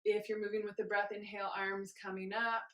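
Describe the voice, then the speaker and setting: A woman instructor leading a guided movement class, cueing each step gently and chanting rhythmic counts while moving along herself. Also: mid-range voice, level tone, a little fast, echoey room, rough recording.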